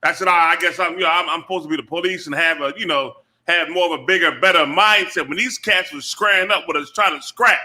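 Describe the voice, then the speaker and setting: A man on a talk show telling a personal story with animated energy, acting out the voices of the people he quotes. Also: fairly high pitch, quick pace. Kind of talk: casual storytelling.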